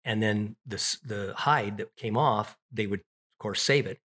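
A man's voice: fairly low pitch, a little slow, a bit bright. A middle-aged man telling childhood stories in an interview, rambling with restarts and fillers. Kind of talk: casual storytelling.

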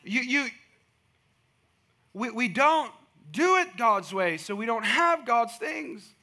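A man preaching a sermon, telling a lively personal story and building to emphatic, rising points. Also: extremely high pitch, slow pace. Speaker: pastor.

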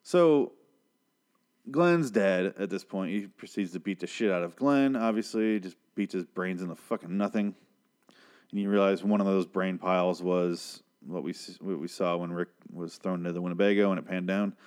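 A young man with a lowish voice rants through a TV recap. He swears freely, rambles, and drips sarcasm as he goes. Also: moderate pace, a little mellow, smooth. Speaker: TV show reviewer. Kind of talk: casual recap rant.

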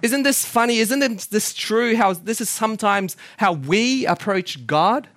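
A man's voice: high-pitched, expressive, measured pace, fairly bright tone, no room sound. A young man giving a casual, story-driven sermon to a church, chatty and self-mocking, often asking the congregation questions. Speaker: church speaker.

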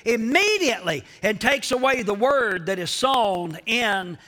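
Slow, bright-voiced preaching pastor. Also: male voice, high voice, very animated. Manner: slow emphatic preaching with repeated phrases; addresses the congregation directly. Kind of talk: sermon.

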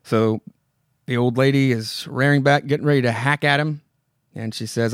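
A man's voice: medium pitch, steady tone, fairly quick, vocal fry, dry recording, studio quality. A man hosting a podcast, casually retelling a horror comic with loose fillers from his home mic. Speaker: podcast host.

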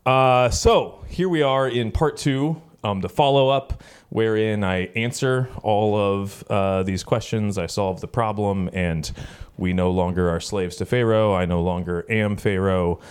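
A man in his thirties, a pastor preaching a sermon in a relaxed, storytelling way with many fillers. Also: lowish voice, unhurried, smooth. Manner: conversational storytelling with frequent fillers. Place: church gathering.

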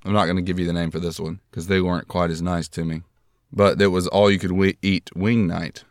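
Male podcast host, deep voice, self-deprecating storyteller, dry close mic. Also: level tone, fairly quick, dry recording. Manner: rambling, self-deprecating, jokey.

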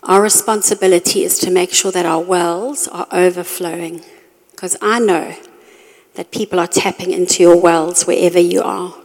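A woman's voice: on the low side, normal speed. Woman preaching in a hall. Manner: storytelling, animated when reenacting her own reactions. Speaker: women's ministry speaker. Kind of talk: sermon. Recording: long reverb of a hall.

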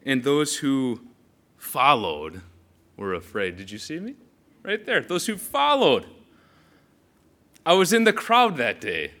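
A man preaching in character as an earnest young follower of Jesus, telling a first-person biblical monologue in an animated storytelling manner, speaking straight to his listeners. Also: mid-range voice, takes it slowly, pauses often, exaggerated voice.

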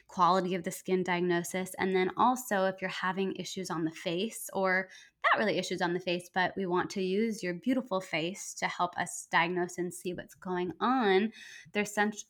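A woman's voice: lowish voice, fairly bright tone. Chatty woman explaining acupuncture. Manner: enthusiastic, rambling explanations with many fillers. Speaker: acupuncturist guest. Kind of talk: conversational podcast interview.

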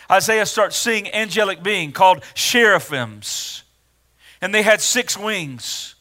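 Casting note: male preacher, high bright tenor, earnest sermon delivery. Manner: earnest, rising to emphatic when reading scripture aloud.

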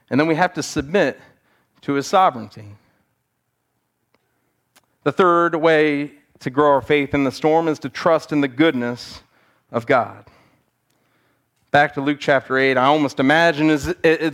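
Pastor, male, higher register, earnest sermon delivery, animated storyteller. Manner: earnest, acts out quotes animatedly. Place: church sanctuary.

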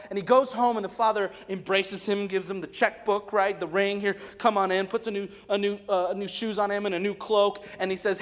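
High-voiced man preaching, whisper to shout. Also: fairly even intonation, fairly quick, hardly any pauses, long reverb tail. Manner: dynamic, swinging from hushed whispers to loud shouting. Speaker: guest preacher. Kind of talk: sermon.

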